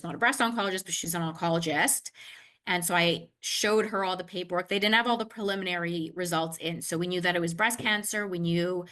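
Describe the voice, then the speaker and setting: A woman in an interview telling a personal story in a casual, animated way, acting out the conversations and often saying "like". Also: on the low side. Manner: animated, acts out dialogue, frequent "like".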